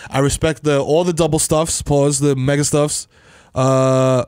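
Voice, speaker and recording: A man, co-hosting a podcast in casual comedic banter, loud and animated with sudden high exclamations. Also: unhurried, clean tone, dry recording, clean studio sound. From the Bronx, New York. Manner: animated, bursts into high exclamations and silly sounds. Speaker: podcast co-host.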